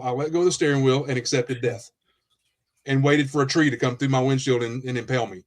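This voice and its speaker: A former police officer telling a story on a podcast, animated, acting out what people said and often restarting his sentences. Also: medium pitch, a little fast. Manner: animated storyteller, acts out quotes, frequent restarts. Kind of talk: casual storytelling in a podcast interview.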